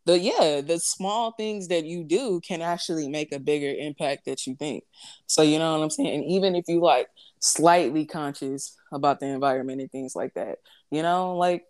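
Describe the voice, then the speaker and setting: A young woman hosting a casual chat, telling animated stories with many fillers. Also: deep voice, moderate pace. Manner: animated storytelling, frequent fillers.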